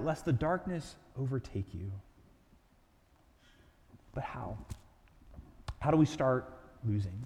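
A man's voice: fairly high pitch, mellow. A man preaching a sermon as a pastor in a casual, conversational way, often repeating phrases. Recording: long reverb of a large hall.

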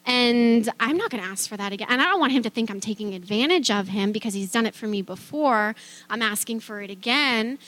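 A woman's voice: on the high side, lively intonation, a little fast, fairly bright tone, no room sound. A middle-aged woman telling a personal faith testimony in a chatty way, with many fillers, restarts and easy laughter. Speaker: speaker sharing a faith testimony.

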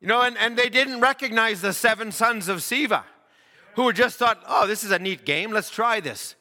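A man preaching a sermon in a high, bright, ringing voice. He grows impassioned and swells to shouts at the big moments, while a long reverb from the church hall trails behind every phrase. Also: normal speed. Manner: impassioned, rises to shouts at climaxes.

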